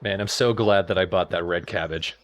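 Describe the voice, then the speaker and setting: A man's voice: deep voice, a little fast, no echo. A man casually commentating a game he is playing, explaining its mechanics and laughing easily. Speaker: let's play host.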